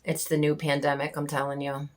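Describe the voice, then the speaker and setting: A woman vlogger pours out a raw personal reflection straight to camera, bitter and angry. Her voice sits a little low, and her candid, heated talk is full of curses and halting pauses. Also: completely flat delivery. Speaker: homesteading vlogger.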